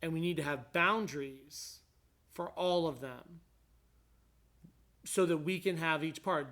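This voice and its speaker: A man in casual conversation with a somewhat high voice. He rambles with frequent restarts and builds to emphatic points. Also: measured pace, pauses often, a bit bright. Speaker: guest describing his court hearing.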